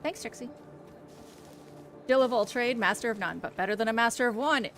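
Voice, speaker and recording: A woman's voice: a little high, fairly quick, fairly bright tone, soft background music. A woman streamer chatting casually while she plays, teasing her friend and swearing freely. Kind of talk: casual live-stream chat while gaming.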